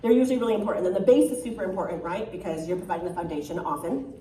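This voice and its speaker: A woman's voice: lowish voice, very fast, dark tone. A woman with a soprano voice coaching a choir in rehearsal, chatty and encouraging, often checking in with "right?". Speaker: choir clinician giving critiques. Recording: echoey hall, mic far off.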